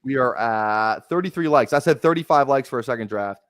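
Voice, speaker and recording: A young man streams live from home into a close desk mic, his voice sitting at an ordinary middle pitch. He rambles excitedly, trips over restarts and swears freely, and the sound is dry with no room echo. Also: a little fast, clear, resonant tone. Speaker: fantasy football streamer. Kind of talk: casual live-stream chat.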